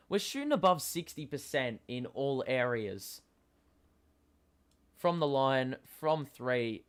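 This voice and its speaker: Excitable male sports watchalong host. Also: medium pitch. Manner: casual, many fillers, bursts of excited swearing. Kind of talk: live watchalong commentary.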